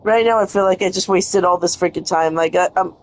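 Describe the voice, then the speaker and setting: A woman's voice: fairly low pitch, fairly quick, a little mellow. A young woman giving live gameplay commentary, frustrated and cursing at the game as she plays. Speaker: gaming streamer.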